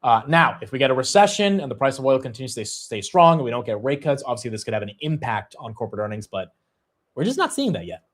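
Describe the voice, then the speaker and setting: A man hosting a livestream, giving casual, energetic market commentary with many fillers. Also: medium pitch, fast talker. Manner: conversational, energetic, fillers like "you know". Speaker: stock market show host.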